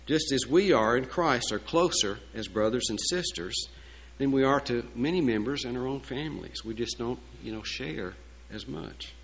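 A man's voice: mid-range voice, poor audio. A man preaching a sermon in a folksy, emphatic way, with asides and fillers. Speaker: pastor.

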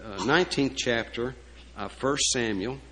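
A man's voice: mid-range voice, unhurried, a bit bright, slight background noise, poor audio. A man preaching a sermon in a folksy, emphatic way, with asides and fillers. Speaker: pastor.

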